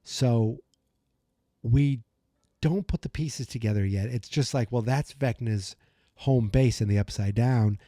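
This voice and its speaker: Mellow chatty man recapping a show. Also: mid-range voice, unhurried, dry recording, clean studio sound. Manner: chatty, full of "you know" and "like"; acts out character lines while retelling. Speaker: podcast host. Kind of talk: casual episode recap.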